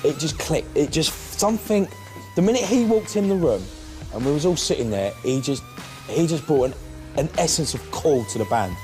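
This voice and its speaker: A man telling interview anecdotes in an animated, slangy way. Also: fairly high pitch, moderate pace, soft background music. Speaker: interviewee, pop singer.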